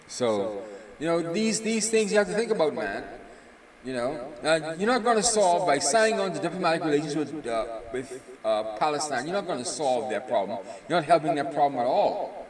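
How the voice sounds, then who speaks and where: Tired rambling man, roomy distant sound. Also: medium pitch. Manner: rambling, opinionated, many filler pauses. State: tired, yawning. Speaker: live stream news commentator. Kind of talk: casual news commentary. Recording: roomy echo, distant mic.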